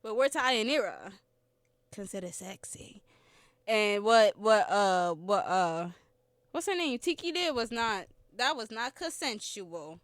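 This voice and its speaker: A woman's voice: on the high side, a bit bright, dry recording. A young woman with a slightly sore throat hosts a podcast, chatting casually and giggling through a rambling film review. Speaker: podcast host.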